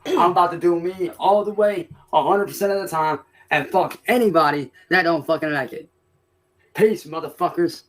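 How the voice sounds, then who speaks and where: A man's voice: a little high, moderate pace, fairly bright tone. A man in a clip from a stream, ranting at the camera in a boastful, profane, defiant way. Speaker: streamer in clips.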